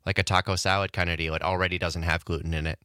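A man's voice: low-pitched, little pitch movement, racing, sharp tone, dry recording. A young male radio producer from Wisconsin, answering on a studio mic in a hesitant, thoughtful way with many fillers.

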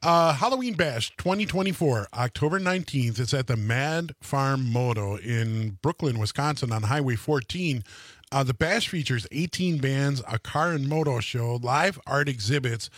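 A man hosting a radio interview in a studio, asking relaxed, chatty questions. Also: medium pitch, moderate pace, no echo. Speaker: radio host. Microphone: studio mic, dry.

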